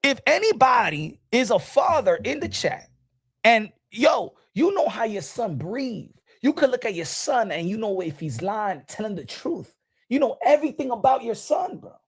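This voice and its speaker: A middle-aged man hosting a casual boxing talk show, animated and repetitive, talking straight to his viewers in the chat. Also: very high voice, moderate pace, slightly rough, dry recording, studio quality. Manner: animated, repeats himself, addresses folks in the chat.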